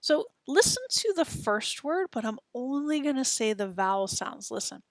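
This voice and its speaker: A woman's voice: sits high, sing-song, moderate pace, no echo, studio quality. A woman teaching a beginner Spanish lesson, patiently modeling sounds for students to repeat. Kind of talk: slow, clear textbook lesson.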